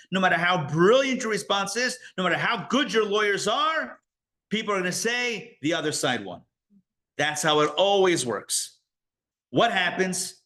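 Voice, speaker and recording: A rabbi teaching a live class, with a bright, forceful voice pitched a little above most men's. He talks in an animated, conversational way, throwing out rhetorical questions and quick asides to the room. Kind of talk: live Torah class lecture.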